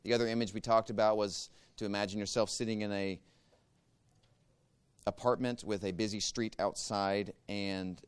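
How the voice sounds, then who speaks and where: A man guides a church group through a meditation practice, calm and measured as he gives step-by-step instructions. His voice is on the low side and smooth.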